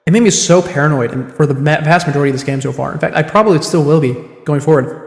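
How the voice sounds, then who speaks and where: A man's voice: fairly high pitch, quick pace, gravelly. A man streaming a game, chatting in a rambling, self-deprecating way as he comments on the story. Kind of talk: casual livestream gameplay commentary. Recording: echoey room with long reverb.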